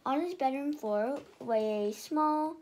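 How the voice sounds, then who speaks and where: A woman reading a children's storybook aloud in a lively way, often stumbling and restarting. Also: high voice, takes it slowly, a little hiss or hum. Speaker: reader.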